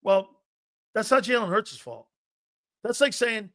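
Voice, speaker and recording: A man hosting a live sports talk stream, pressing his opinions hard and circling back on his own phrases. His voice sits a bit high and sounds bright and forceful. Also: sing-song, unhurried, long pauses. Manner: emphatic, argumentative, repeats himself while building a point. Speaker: sports talk show host.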